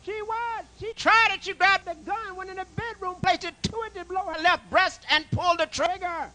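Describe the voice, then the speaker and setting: A man's voice: extremely high pitch, steady tone, moderate pace, bright, forceful tone. A man doing stand-up comedy on a club stage, firing brash one-liners and teasing the live audience. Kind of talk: stand-up comedy with crowd work.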